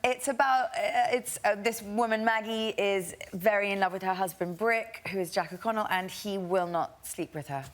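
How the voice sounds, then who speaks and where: An actress guest on a TV talk show, telling a story in a chatty, giggly way. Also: female voice, mid-range voice, fairly even intonation, moderate pace, few pauses. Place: TV studio with live audience.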